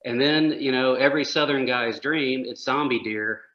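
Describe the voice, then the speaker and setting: A man hosting a casual movie podcast, joking and recapping plots with quick asides. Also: medium pitch, fairly bright tone, highs cut off. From United States. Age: older than the other hosts. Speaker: podcast host.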